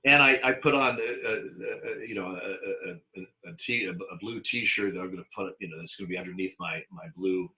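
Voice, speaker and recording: Bright-voiced man telling baseball stories. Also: low-pitched, a little fast, hardly any pauses, low-quality recording. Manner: animated anecdotes with many restarts and acted-out quotes. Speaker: retired baseball umpire guest. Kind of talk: storytelling in a conversational interview.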